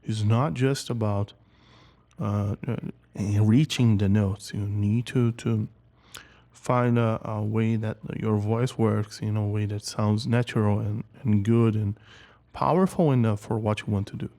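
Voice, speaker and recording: A man's voice: on the low side, fairly even intonation, a little slow, mellow. A man teaching singing in a casual video lesson, often repeating words as he talks, and now and then singing short example notes.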